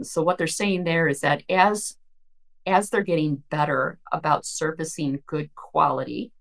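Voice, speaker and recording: A woman's voice: low-pitched, vocal fry, fairly bright tone. A woman co-hosting a podcast, explaining things thoughtfully at length, often restarting her sentences. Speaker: podcast co-host. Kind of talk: casual discussion of search marketing news.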